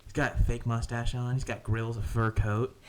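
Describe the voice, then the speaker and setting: A young man chatting on a podcast at a middling pitch, loose and crude. He rambles, laughs through his own jokes and drops sentences halfway. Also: level tone, normal speed, crowd noise. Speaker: podcast co-host. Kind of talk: casual chat.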